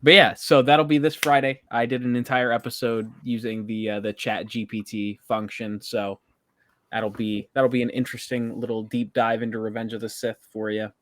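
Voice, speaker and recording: A man co-hosting a podcast in casual chat, speaking in a halting, self-conscious way with many fillers. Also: medium pitch, level tone, a bit bright, dry recording, clean studio sound. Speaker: podcast co-host.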